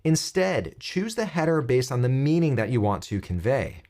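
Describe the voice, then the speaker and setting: Lively man explaining coding steps. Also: mid-range voice, normal speed. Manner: clear step-by-step explaining. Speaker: web coding instructor. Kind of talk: screen-recorded coding tutorial.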